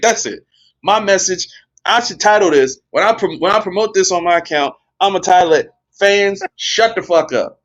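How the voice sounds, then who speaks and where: A man's voice: high voice, animated, normal speed, a bit bright, highs cut off. A man on a wrestling podcast, ranting in casual chat, blunt and profane and exasperated.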